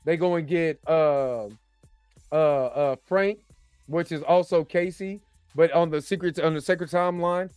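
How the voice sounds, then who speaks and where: High-voiced guy doing a chatty reaction review, joking around, dry sound. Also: a little slow, smooth, dry recording, faint music behind. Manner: animated, joking, talks to the audience. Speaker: host and movie reviewer.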